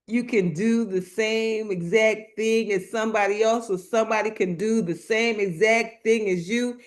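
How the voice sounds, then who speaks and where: Speaking in a mid-range voice, a female motivational speaker delivers a slow, emphatic sermon to people watching live online. Her speech is casual and repetitive, and she addresses the chat directly.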